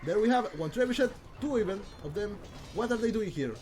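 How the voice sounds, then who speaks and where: Excitable high-voiced male game caster. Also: brisk. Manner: excitable, rambling, restarts and repeats himself. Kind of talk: live game commentary.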